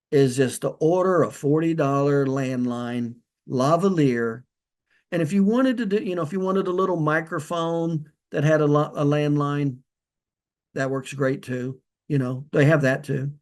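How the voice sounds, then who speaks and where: A man's voice: a little high, a little mellow. Chatty man coaching with restarts. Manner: loose and repetitive, with many restarts and direct instructions. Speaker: chiropractic practice consultant. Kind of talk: casual spoken training video. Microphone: holds a lavalier like a handheld mic.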